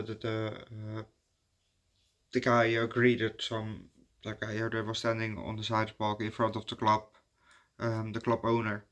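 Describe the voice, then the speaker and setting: Rambling man reviewing a movie. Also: on the low side. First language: Dutch. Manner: rambling and hesitant, many fillers and restarts. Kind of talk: casual spoken movie review.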